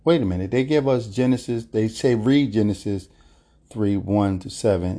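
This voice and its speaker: A man's voice: low-pitched, steady tone, normal speed, vocal fry, mellow. A man hosting a casual solo podcast, rambling and hesitant with many fillers. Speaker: podcast host.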